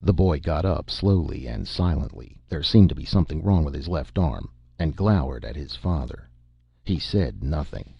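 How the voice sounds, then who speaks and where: A male narrator reading an audiobook in a measured, even way. His voice is very low and gravelly. The recording is dull and dry, with no room sound. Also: no room sound.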